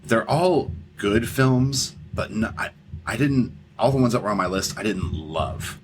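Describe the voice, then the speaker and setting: Deep-voiced man rambling about films. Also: a little slow, a little hiss or hum, low-quality recording. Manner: rambling, repeats words, swears casually. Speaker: podcast co-host. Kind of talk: casual film discussion.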